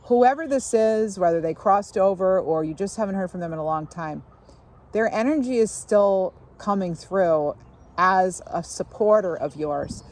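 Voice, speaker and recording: A woman giving a casual tarot reading, musing aloud in a relaxed way and often pausing on fillers as she takes in impressions. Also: mid-range voice. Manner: musing, intuitive, many fillers and asides. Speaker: tarot reader. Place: outdoors.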